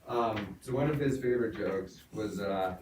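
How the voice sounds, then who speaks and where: A son telling a joke at his father's memorial in a funeral home, in a relaxed storytelling manner with fillers. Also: fairly low pitch, moderate pace. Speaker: son of the deceased. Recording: echoey room from far off, noisy.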